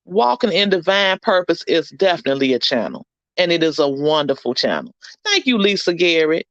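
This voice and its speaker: A woman vlogger giving an animated, preachy and comic motivational talk on her channel, full of blunt slang and the odd swear word. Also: on the low side, fairly quick, no room sound, highs cut off. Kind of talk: motivational live-stream chat.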